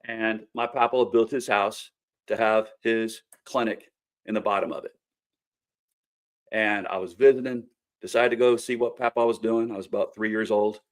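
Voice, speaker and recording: A middle-aged man with a Kentucky accent speaks in a lowish voice. He talks plainly and earnestly, like a folksy storyteller hosting his own show. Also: steady tone, moderate pace. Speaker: host and candidate for local office. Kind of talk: casual campaign talk to camera.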